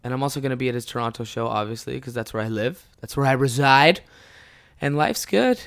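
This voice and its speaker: A man in his twenties hosting a solo podcast, cursing freely and swinging from mumbled asides to loud outbursts. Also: mid-range voice, fairly quick, gravelly. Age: 20s. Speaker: podcast host and stand-up comic. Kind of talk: casual solo podcast chat.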